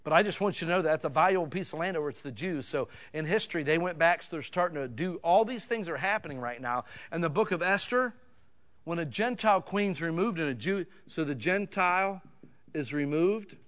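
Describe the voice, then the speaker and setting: A man preaching a sermon in a folksy, conversational way, swinging between loud emphatic bursts and quiet asides. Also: fairly high pitch, animated, brisk. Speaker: pastor.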